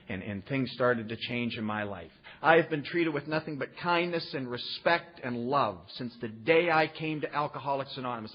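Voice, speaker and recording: Man, slightly higher voice, folksy earnest storyteller at a meeting, muffled recording with faint hiss. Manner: earnest, folksy, with rhetorical "huh?" asides. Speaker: recovery meeting speaker. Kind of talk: personal storytelling talk to an audience. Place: meeting room before an audience.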